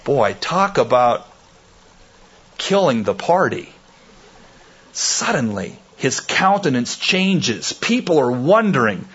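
Male preacher mid-sermon, slow and measured, bursts into loud dramatic emphasis, dull lo-fi tape. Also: medium pitch, big pitch swings, breathy edge. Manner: slow, deliberate phrasing. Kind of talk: expository sermon.

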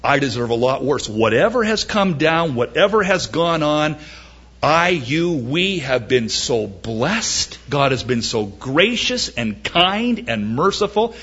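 A man preaching a sermon, quoting dramatically and joking wryly between slow emphatic points. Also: on the high side, slightly rough, lo-fi sound. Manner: animated, dramatic quoting with mock-wailing and wry humor. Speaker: pastor.

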